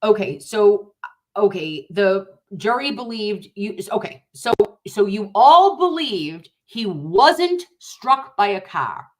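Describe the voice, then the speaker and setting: A young woman doing casual commentary on news clips, speaking to her audience in an animated, emphatic way. Her voice sits at an ordinary middle pitch. Her delivery stays chatty and direct. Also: takes it slowly. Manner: animated and emphatic, talks straight to viewers. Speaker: commentary host.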